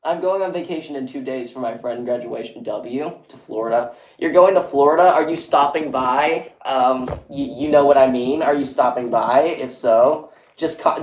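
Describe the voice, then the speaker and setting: A man's voice: mid-range voice, darkish tone. A young man chatting casually on a livestream, rambling and reading viewers' messages aloud. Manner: rambling, reads chat aloud, lots of "like". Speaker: streamer. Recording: echoey room.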